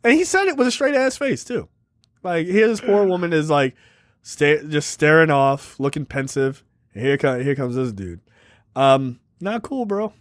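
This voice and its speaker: A man's voice: fairly high pitch, lively intonation, moderate pace, dry recording, clean studio sound. A man co-hosting a movie review podcast, recapping the plot casually with lots of fillers and joking asides. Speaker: podcast co-host.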